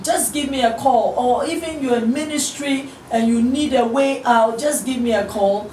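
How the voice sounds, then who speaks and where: Middle-aged woman, encouraging minister, fairly high voice, roomy studio, distant mic, faint hiss. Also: moderate pace, darkish tone. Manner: earnest encouraging, acts out quoted voices. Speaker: guest minister. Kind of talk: interview.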